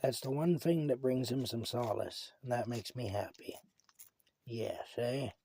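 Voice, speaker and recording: A man's voice: mid-range voice, a little slow, warm tone, husky, no echo. A man chats affectionately to his cat at home, adding wry jokes about himself, recorded on a phone. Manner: chatty and affectionate, with wry self-deprecating jokes. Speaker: vlogger. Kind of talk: casual talk to his pet. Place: at home by a table.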